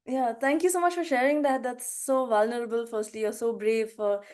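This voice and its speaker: Woman, podcast host, effusive and affirming, slightly high-pitched. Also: fairly even intonation, fairly quick, darkish tone. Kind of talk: interview.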